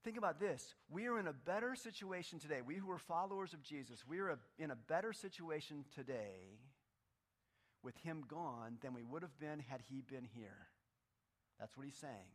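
A man preaching a sermon in a church, animated and emphatic, dropping to quiet low lines and trading answers with the congregation. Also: moderate pace. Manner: talks with the congregation, takes answers from the room. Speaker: pastor.

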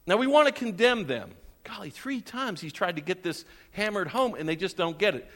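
A man preaching a sermon to his congregation in a church, animated and quizzing his listeners as he goes. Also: sits high, normal speed, in a large hall. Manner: animated, questions the congregation, chuckles often. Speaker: pastor. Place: church sanctuary.

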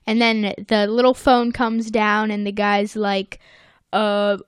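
A woman's voice: mid-range voice, level tone, measured pace, smooth, dry recording, clean studio sound. An American woman co-hosting a podcast, recapping a cartoon episode in casual chat and playfully acting out the characters. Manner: playful, acts out characters in quotes. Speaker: podcast co-host.

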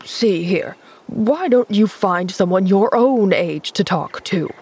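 A woman reading an audiobook, voicing a gruff, stern older man who talks in curt grumbles. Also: mid-range voice, expressive, slow pace, darkish tone.

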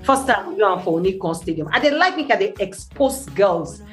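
A woman's voice: mid-range voice, lively intonation, fairly quick. Nigerian Pidgin woman telling her story. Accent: Nigerian Pidgin English. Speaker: studio guest. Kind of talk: radio interview in Pidgin.

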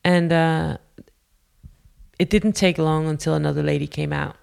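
Gravelly-voiced woman telling a personal story. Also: sits low, steady tone, darkish tone. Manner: candid, halting, self-deprecating.

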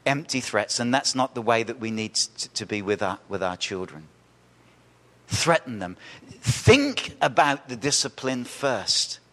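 A male pastor preaching a sermon, animated, acting out quoted voices and asking the congregation questions. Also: mid-range voice, measured pace. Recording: reverberant church hall.

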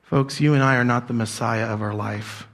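At a moderate pace, a middle-aged pastor delivers a sermon to his congregation in church. He alternates quiet, low-pitched emphasis with loud, excited passages and leads the room in call-and-response.

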